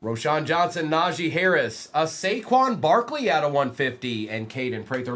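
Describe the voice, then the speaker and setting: Hosting a card break on a live stream, this man reads player names at speed, with bursts of excitement and teasing jabs at viewers in between. His pitch is on the high side.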